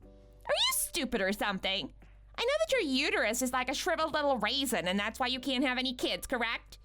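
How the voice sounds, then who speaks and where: A woman's voice: high voice, big pitch swings, brisk, noisy background. A woman putting on a mocking scheming mother. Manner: mocking, condescending and bossy. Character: scheming, rude young mother selling her son. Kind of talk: animated story voice acting.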